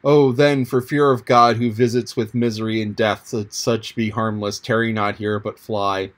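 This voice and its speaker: A man's voice: lowish voice, flat delivery, moderate pace, natural voice. Man reading as a dying peasant woman, pleading. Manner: pleading, archaic speech.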